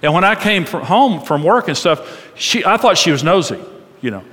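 A man's voice: a little high, moderate pace. Joking preacher man in a big hall. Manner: animated, joking storyteller. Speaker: pastor. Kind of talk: conversational sermon. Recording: long reverb of a large hall.

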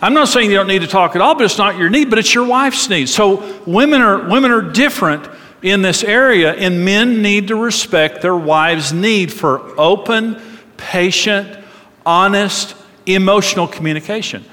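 A middle-aged man giving a conversational sermon as a pastor, animated and joking as he tells stories. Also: high-pitched, normal speed. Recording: long reverb of a large hall.

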